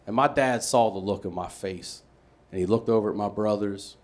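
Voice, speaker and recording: A male stand-up comedian from Maryland telling a story on a comedy stage, animated and acting out voices, building up to loud punchlines. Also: on the low side, normal speed. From Maryland, USA. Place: comedy stage with a live audience.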